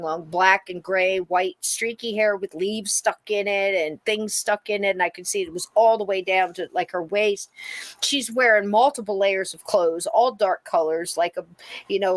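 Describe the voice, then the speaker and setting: A middle-aged woman spins a personal story in relaxed podcast chat, her voice sitting at an ordinary middle pitch. She acts out quoted lines by leaping high and loud. The sound is close and dry, with no room around it. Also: dry recording. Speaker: podcast co-host.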